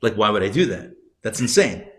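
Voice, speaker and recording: A man's voice: fairly low pitch, very animated, fairly quick, voice pushed down. A man voicing a scheming male scorpion that coaxes and shrugs off blame, told as a parable in a class. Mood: coaxing. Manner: coaxing, then shrugging. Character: scheming male scorpion, smooth-talking and self-excusing.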